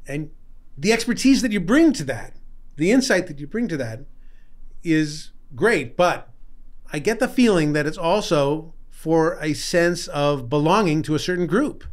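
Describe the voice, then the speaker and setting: A man's voice: on the high side, lively intonation, a little slow. A man hosting a casual talk show, probing his guest with philosophical questions. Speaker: podcast host. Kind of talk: casual conversation.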